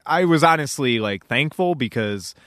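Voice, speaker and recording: A man's voice: mid-range voice, animated, normal speed, fairly bright tone, no room sound. A young man chatting casually as a podcast co-host, laughing often and swearing freely as he rambles through stories. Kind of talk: casual chat.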